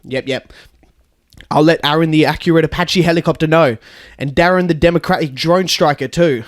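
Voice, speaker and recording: The man's voice is on the high side and brisk, lowered below his own pitch and only lightly acted, as he plays a blind, foul-mouthed female bus tour guide for a comedic storytelling podcast. Irritated and scheming, she swings between chirpy guide patter and furious swearing.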